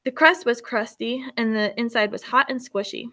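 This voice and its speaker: A woman reading a children's chapter book aloud in a steady, expressive way. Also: on the high side, moderate pace. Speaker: storyteller. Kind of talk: storybook read-aloud.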